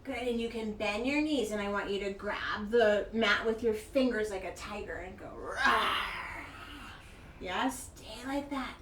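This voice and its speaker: A woman teaching a kids' yoga class, gentle, playful and encouraging as she guides a child through poses. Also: mid-range voice, normal speed, hardly any pauses, distant mic, noisy background. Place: yoga studio. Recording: echoey room, mic from afar.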